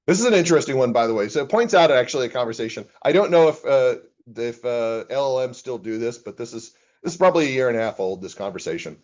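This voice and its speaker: A man's voice: medium pitch, lively intonation, fast talker, few pauses, a little mellow, dull audio. A man, an accounting professor, giving a casual classroom lecture and reading chatbot replies aloud with his own comments.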